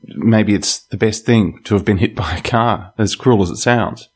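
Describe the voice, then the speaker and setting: A man hosting a podcast, speaking slowly and in a measured way. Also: lowish voice, husky. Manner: slow, measured speech. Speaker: podcast host. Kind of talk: casual interview.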